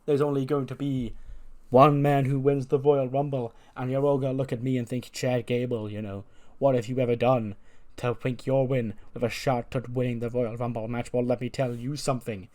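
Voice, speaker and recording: A man's voice: mid-range voice, little pitch movement, normal speed, darkish tone, natural voice. Man as boastful wrestler, raised pleading tone. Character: boastful male wrestler shushing a crowd.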